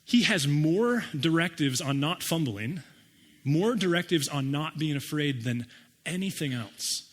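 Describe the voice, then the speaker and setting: A pastor preaching a conversational sermon, acting out listeners' reactions with wry humor. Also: male voice, a little high, animated, measured pace, in a large hall. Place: church sanctuary.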